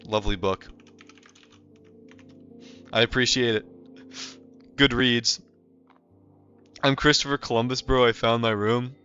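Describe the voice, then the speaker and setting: A man's voice: medium pitch, fairly even intonation, takes it slowly, pauses often, sharp tone, smooth. Young man chatting loosely on a game stream. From North America. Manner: loose and rambling, heavy on fillers like "like" and "um". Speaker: livestreamer. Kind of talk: casual live gameplay chat. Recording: slightly muffled stream audio with faint music.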